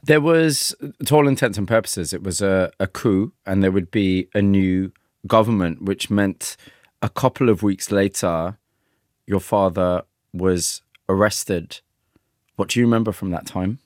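A man interviewing a guest, setting up each question with a measured, deliberate summary. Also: deep voice, darkish tone, no room sound, clean studio sound.

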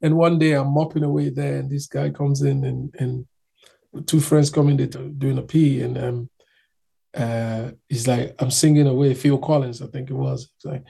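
A man's voice: medium pitch, flat delivery, moderate pace, vocal fry, dark tone, slightly rough. A man from Nigeria telling his own story in casual chat, acting out other people's voices as he goes.

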